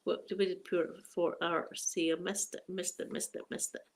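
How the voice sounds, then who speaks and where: A middle-aged Scottish woman chatting casually on a live stream, emotional and quick to laugh, greeting viewers by name. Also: lowish voice, little pitch movement. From Scotland.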